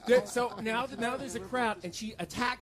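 A man's voice: very high voice, normal speed, crowd noise. A man co-hosting a radio show, telling a story casually and acting out the voices of the people in it. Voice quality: animated, acts out voices in his stories.

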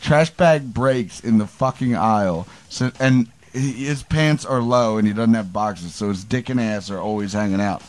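A man's voice: lowish voice, normal speed, few pauses. A man in casual chat, telling crude stories while laughing and acting out other people's voices. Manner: laughing storyteller, crude and animated, acts out voices.

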